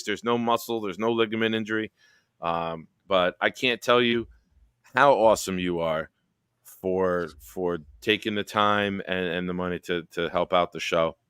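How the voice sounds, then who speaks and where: A man hosting a casual sports chat livestream with a bright, forceful voice that stays smooth and crisp. He tells animated stories and swears freely. The sound is dry, with no room echo. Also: fairly low pitch. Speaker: livestream show host.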